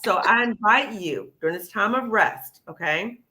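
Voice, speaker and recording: A woman's voice: medium pitch, expressive, normal speed, sharp tone. A woman hosting a live panel discussion, encouraging and emphatic, often saying "okay?" and "sis". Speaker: host.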